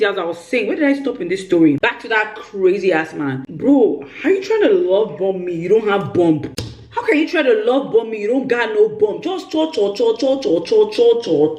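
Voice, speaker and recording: A young woman, telling a dramatic storytime vlog with lively exaggeration. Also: fairly low pitch. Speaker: vlogger. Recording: roomy echo.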